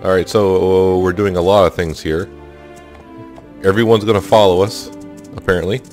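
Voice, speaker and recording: A man's voice: deep voice, fairly even intonation, normal speed, darkish tone, soft background music. A man casually commenting as he plays a game, reading the game's dialogue aloud with goofy exclamations. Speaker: gaming YouTuber. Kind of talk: casual let's-play commentary.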